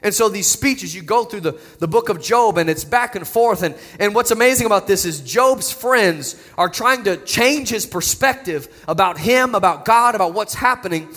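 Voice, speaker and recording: A man's voice: high voice, animated, normal speed, hardly any pauses, fairly bright tone, big-room sound. A man preaching a sermon as pastor, earnest and conversational, often repeating words as he goes.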